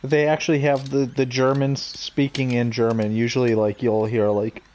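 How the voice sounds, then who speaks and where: A man hosting a let's play, talking casually over gameplay in a halting way with lots of fillers. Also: mid-range voice, little pitch movement, a little mellow.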